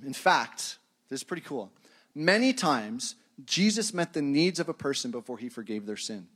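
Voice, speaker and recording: A man's voice: mid-range voice, big pitch swings, moderate pace, fairly bright tone. A male pastor delivering a sermon in a loose, conversational tone. He talks to the congregation like friends, poking fun at himself when he drifts off topic. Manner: conversational and self-deprecating, chuckles at his own tangents.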